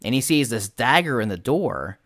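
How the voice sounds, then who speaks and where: A man hosting a podcast over a voice call, telling a tabletop game story in an animated way and swearing freely. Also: medium pitch, moderate pace, no echo, clean studio sound. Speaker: podcast host and game master. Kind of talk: casual storytelling chat.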